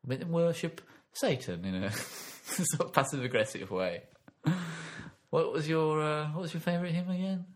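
A man's voice: fairly high pitch, moderate pace. A man in casual comedic chat, playful and theatrical, often breaking into mock outrage.

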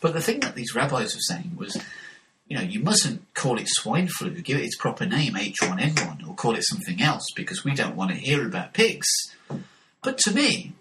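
A man chatting casually and telling an anecdote in an animated way. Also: mid-range voice, normal speed, noisy background. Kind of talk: casual chat.

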